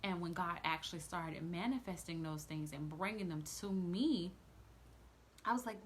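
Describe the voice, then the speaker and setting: A woman's voice: fairly low pitch, normal speed, slight background noise. A woman sharing her faith testimony in an earnest, chatty vlog, full of casual fillers and close to tears at times.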